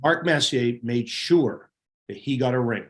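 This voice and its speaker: Middle-aged male guest, lively anecdotal storyteller, mid pitch. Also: measured pace. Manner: animated, laughing anecdotes. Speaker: guest, former hockey goalie. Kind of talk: casual storytelling.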